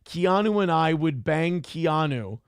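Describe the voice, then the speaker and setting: This live show host, a man with a somewhat high voice, reads out viewer donations in casual live-stream talk, exasperated, laughing often, and swearing freely. He speaks slowly in an animated, smooth yet creaky voice. The recording is close and dry, with almost no room sound.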